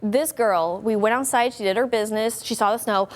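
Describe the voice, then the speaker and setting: A young woman co-hosting a casual weather chat show, telling stories about her dog in a chatty, animated way. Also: fairly high pitch, brisk, in a large hall. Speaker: meteorologist co-host.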